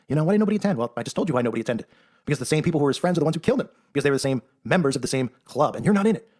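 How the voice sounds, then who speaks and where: A man's voice: on the high side, very animated, racing, darkish tone. A man giving a sarcastic, emphatic monologue, often tagging his points with "right?". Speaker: online commentator. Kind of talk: rapid-fire monologue commentary.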